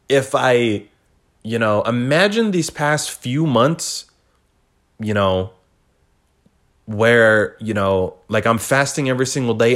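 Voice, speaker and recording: A man hosting a podcast, rambling in a casual, profane, laid-back monologue. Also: mid-range voice. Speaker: podcast host.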